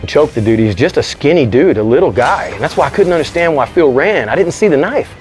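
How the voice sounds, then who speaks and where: A man telling a story as an interview guest, animated and slangy, swearing freely. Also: a little high, brisk, faint music behind. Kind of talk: casual storytelling.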